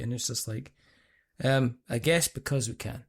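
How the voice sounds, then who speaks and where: A man's voice: mid-range voice, moderate pace, slightly rough. A middle-aged man with a Scottish accent hosting a podcast, telling stories in a rambling, chatty way and often restarting his sentences. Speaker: podcast host. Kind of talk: casual chat.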